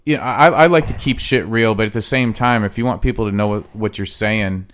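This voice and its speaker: A man's voice: on the low side, brisk, fairly bright tone, clear, resonant tone. A man from the US Midwest, a guest musician, telling drawling, profane stories in a casual podcast chat. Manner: folksy, drawling, profane storyteller. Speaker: guest, musician and venue owner.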